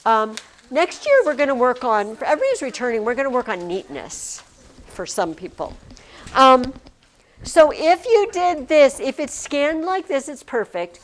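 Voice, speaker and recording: A woman's voice: on the high side, very animated, moderate pace, a bit bright. A woman teacher talking to her class in a chatty, rambling way, often breaking off mid-sentence. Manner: chatty, rambling, self-interrupting.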